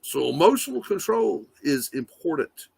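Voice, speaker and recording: Rambling, swearing gravelly man streaming. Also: a little high, big pitch swings, normal speed, a little mellow, no echo. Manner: rambling, swearing, lots of fillers. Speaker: livestream host. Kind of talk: casual rambling livestream talk. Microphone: phone.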